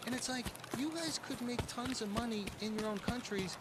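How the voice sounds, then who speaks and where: A man's voice: extremely high pitch, a little fast. A man in casual chat, ranting in disbelief with some swearing. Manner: incredulous, ranting, profane. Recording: clear background noise.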